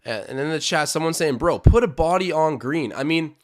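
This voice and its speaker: Excitable man hosting a game watch-along. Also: fairly high pitch, a little fast. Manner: animated, swings from hyped to groaning. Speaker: live-stream watch-along host. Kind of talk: excited live game commentary with chat.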